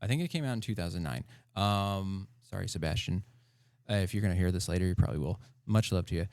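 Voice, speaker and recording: A man with a low, smooth, resonant voice chats as a podcast guest. He talks in an animated, loose way with plenty of fillers and laughter, and sounds dry and close to the mic. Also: fast talker, no room sound. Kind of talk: casual interview chat.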